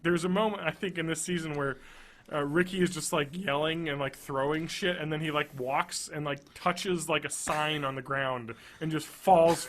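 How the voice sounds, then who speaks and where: A man's voice: on the high side, a bit bright, slight background noise. A man in his thirties co-hosting a casual podcast, rambling, laughing often and swearing freely. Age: 30s. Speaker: podcast co-host.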